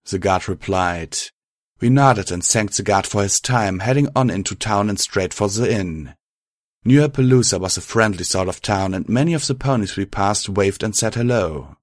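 A man reading a first-person fan fiction story aloud, steady and even. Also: fairly low pitch, moderate pace, no echo, clean studio sound. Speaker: narrator.

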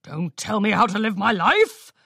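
A woman voicing a paranoid, gruff old male pony shopkeeper who snarls and barks his lines. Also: mid-range voice, slow, a bit bright, no echo, clean studio sound. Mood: snarling. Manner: snarling, barking.

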